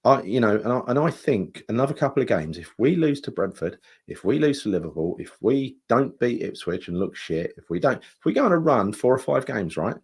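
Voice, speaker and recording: A man's voice: mid-range voice, very animated, fairly quick, few pauses, darkish tone, breathy edge. A man co-hosting a football fan podcast, rambling and swearing as he chats. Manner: rambling, swears often, mock-dramatic. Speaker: podcast co-host. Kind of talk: casual fan chat.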